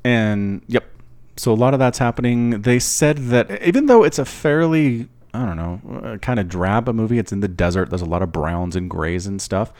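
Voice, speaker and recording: A man's voice: lowish voice, lively intonation, moderate pace, darkish tone. A man in casual podcast chat who tells long, rambling stories full of enthusiastic asides.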